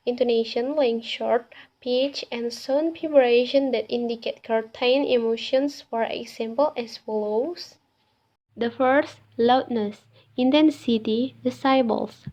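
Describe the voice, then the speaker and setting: A young woman, a student, reading a class presentation slowly and a little hesitantly. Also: a little high, mellow. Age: young adult. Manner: slow, hesitant reading with fillers. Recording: dull lo-fi recording.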